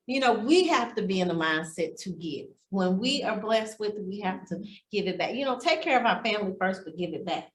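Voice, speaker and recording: A woman's voice: mid-range voice, lively intonation, a little fast, few pauses, a little hiss or hum. A woman teaching a real estate class, telling heartfelt stories about giving back. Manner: heartfelt, storytelling, speaks of blessing and giving. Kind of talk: motivational class talk. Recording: echoey room.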